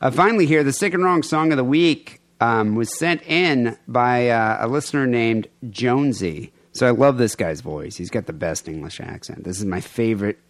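A man's voice: mid-range voice, moderate pace, hardly any pauses, dry recording. Laid-back joking male podcast host. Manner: joking, laughs often, loose rambling. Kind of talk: casual crude podcast banter.

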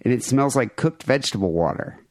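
A man's voice: medium pitch, expressive, a little fast, dry recording. Crude, laughing man hosting a podcast. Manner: loose, crude, laughing banter. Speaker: podcast host. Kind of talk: casual comedy podcast chat.

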